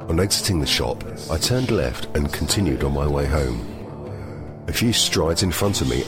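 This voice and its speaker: A man narrating a comic monologue in a dry, measured, deadpan way. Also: extremely low pitch. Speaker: host and narrator.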